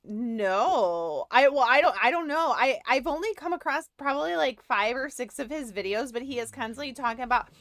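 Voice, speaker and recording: A woman's voice: high voice, lively intonation, moderate pace, few pauses, fairly bright tone, dry recording, clean studio sound. A young woman streaming a game, chatting casually to her viewers, rambling and giggling often. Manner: giggly, rambling, talks to chat. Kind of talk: casual livestream chat while gaming.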